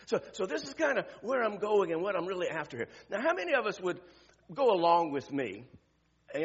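A man's voice: on the high side, slightly rough, muffled recording. An older man with grandchildren, preaching a conversational sermon full of rhetorical questions and restarts.

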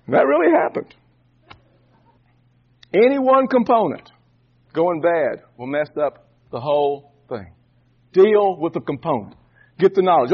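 A man's voice: high voice, phone-quality sound. A man preaching a sermon, telling a folksy story and often repeating and restarting words.

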